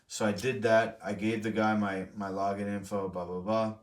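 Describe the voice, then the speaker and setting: A young man with a fairly low voice hosts a live stream and tells a long story to his chat. He rambles, swears freely and keeps correcting himself mid-sentence. He sits back from the mic in a roomy, echoing space. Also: flat delivery, moderate pace, distant mic. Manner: rambling, profane, self-correcting. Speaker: streamer host.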